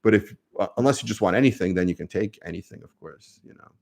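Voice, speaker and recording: A man's voice: fairly low pitch, quick pace, gravelly, a little mellow. A man with a New York accent, a lawyer answering viewer questions on a casual live stream, speaking conversationally with many fillers.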